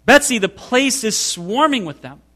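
A man's voice: a little high, level tone, normal speed, fairly bright tone, natural voice. Man reading alarmed, exasperated Corrie. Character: Corrie, frightened exasperated woman prisoner.

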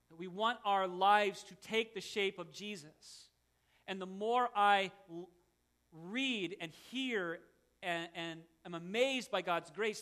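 Bright-voiced man preaching a sermon. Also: high voice. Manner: earnest, conversational preaching with self-deprecating asides. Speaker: pastor.

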